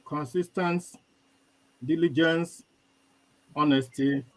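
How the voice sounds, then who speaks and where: A man's voice: fairly high pitch, slow pace, low-quality recording. A young man with a Nigerian accent, a guest telling a life story with quoted dialogue in a live chat. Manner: animated storyteller, quotes others.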